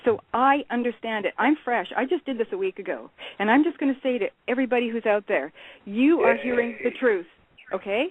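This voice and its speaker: A woman's voice: fairly high pitch, brisk, no echo. A woman guest on a call-in talk show, speaking bluntly and urgently and swearing freely. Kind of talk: impassioned call-in rant. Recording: tinny phone line, dry.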